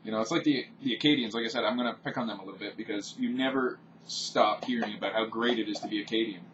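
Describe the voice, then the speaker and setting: A man's voice: fairly low pitch, fast, noisy background. A man from Canada, ranting off the cuff in a blunt, profane vlog monologue. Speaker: vlogger. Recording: distant, dull home-recorded audio.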